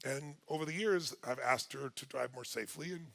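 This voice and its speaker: A man telling a personal story to an audience, lively and exclaiming at times, then dropping to quiet, earnest talk. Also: mid-range voice, brisk, vocal fry.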